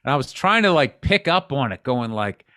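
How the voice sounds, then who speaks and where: A man's voice: medium pitch, sing-song, moderate pace, bright, forceful tone, no room sound, studio quality. A man co-hosting a podcast, in wry, profane, rambling chat. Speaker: podcast co-host.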